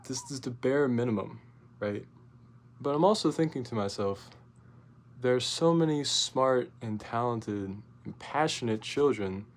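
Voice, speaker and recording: In a mid-range voice, a young man on a casual vlog recounts a rambling, profane story thick with fillers and restarts. As he gets to his outburst, he turns loud and animated.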